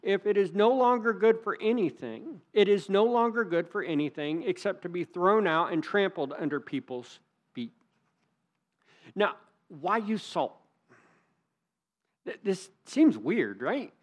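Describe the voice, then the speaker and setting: A man's voice: sits high, animated, a little slow. A man preaching a sermon as pastor, earnest and emphatic, leaning hard on key words.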